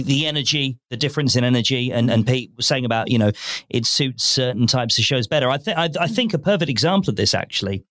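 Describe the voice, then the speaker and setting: A man's voice: medium pitch, fairly bright tone, no echo. A man co-hosting a podcast, chatting in a jokey, rambling way with many restarts. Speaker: podcast co-host. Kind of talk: casual chat.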